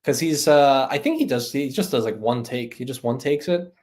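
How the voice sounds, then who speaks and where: A man's voice: mid-range voice, moderate pace, darkish tone. A man hosting a live stream, chatting loosely with viewers, laughing and trying out impressions of other creators. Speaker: host.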